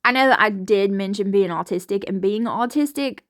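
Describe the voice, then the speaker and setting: A woman's voice: medium pitch, normal speed, a bit bright, dry recording, studio quality. A woman from Alabama with a Southern accent, chatting frankly and folksily to camera as a home vlogger while washing dishes in her kitchen. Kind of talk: casual chat to camera while doing chores.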